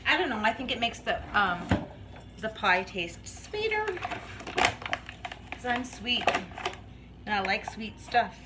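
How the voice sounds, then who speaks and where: A woman's voice: medium pitch, sing-song, normal speed, heavy background noise. A woman vlogging as she bakes in her home kitchen, chatting in a rambling way and laughing often. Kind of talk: casual chat while baking.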